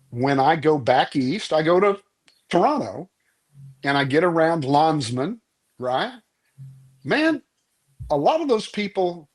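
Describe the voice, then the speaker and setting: A man's voice: a little high, breathy edge. A man, a musician guest in a podcast interview, speaking earnestly and telling stories with many restarts. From Oklahoma, US.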